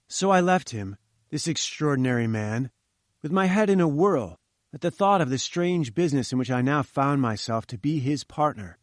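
Male audiobook narrator, measured and earnest, dry close sound. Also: medium pitch, no room sound. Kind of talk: scripted narration of a classic novel.

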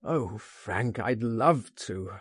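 A man's voice: on the low side, expressive, extremely slow, breathy edge, no echo, clean studio sound, full character voice. A man voicing a frightened, despairing man who groans and pleads as if trapped. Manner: anguished, groaning.

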